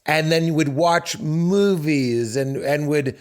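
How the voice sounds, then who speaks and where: A man's voice: on the high side, takes it slowly, clean tone. A man, a comedian chatting as a guest on a podcast and acting out quotes as he tells stories. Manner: animated storytelling with acted-out quotes. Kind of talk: casual podcast conversation.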